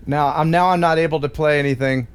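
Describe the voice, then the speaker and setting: A man's voice: fairly high pitch, fairly even intonation, fast talker, slight background noise. A man hosting a casual live stream, bantering playfully with his guest.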